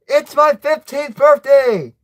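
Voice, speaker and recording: A man's voice: sits high, big pitch swings, a little mellow, exaggerated voice. A young man voicing a cheeky teenage boy. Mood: excited. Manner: halting, unpolished storybook reading. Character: fifteen-year-old boy, cheeky and excitable.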